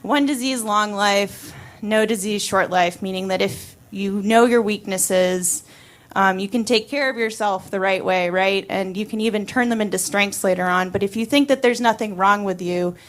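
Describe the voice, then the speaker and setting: A woman's voice: medium pitch, normal speed. A woman in her twenties telling a personal story on stage, chatty and wry, laughing often and using many fillers. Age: 20s.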